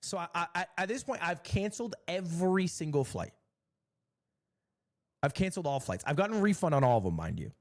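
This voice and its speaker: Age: adult. Sex: man. Style: animated livestream storytelling. Pitch: fairly high, very lively. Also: brisk. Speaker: streamer.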